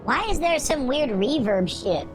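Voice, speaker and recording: A woman's voice: high voice, expressive, a little slow, music in the background. A woman testing her voice, repeating lines over again.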